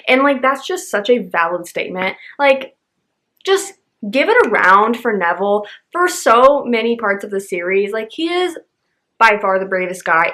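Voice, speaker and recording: A young woman, a book vlogger, chatting casually and gushing, with lots of "like" and quick asides. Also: mid-range voice, a bit bright. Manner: bubbly, gushing, heavy use of "like". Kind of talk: casual chat.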